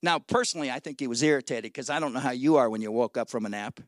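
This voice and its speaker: A man in his sixties preaching a sermon as guest pastor, folksy and exhorting, swinging between loud shouts and low asides. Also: fast talker, no echo, clean studio sound. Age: 60s. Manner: folksy, exhorting with 'come on, somebody'.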